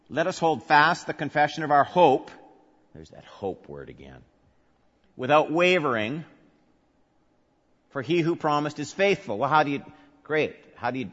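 A male pastor preaching a sermon, swinging from soft, low murmurs to loud, emphatic peaks. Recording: dull sound with long hall reverb.

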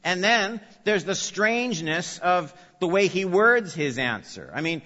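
Male preacher, slightly high and bright-toned, emphatic expository delivery, long hall reverb, muffled lo-fi audio. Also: very animated, normal speed, hardly any pauses. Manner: emphatic, repeats key phrases, questions the audience. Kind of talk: expository sermon. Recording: long reverb, dull lo-fi sound.

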